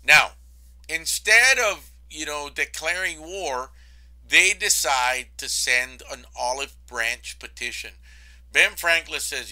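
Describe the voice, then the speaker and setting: A man gives a history lecture in a loose, conversational way, sprinkling in "I mean" and "okay?". His voice is bright and forceful, sitting a little high for a man. When he quotes historical figures, he drops into a low, offhand mumble. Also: slow pace, rough recording. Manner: casual, animated storytelling with frequent "okay?" and "I mean". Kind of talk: recorded college lecture.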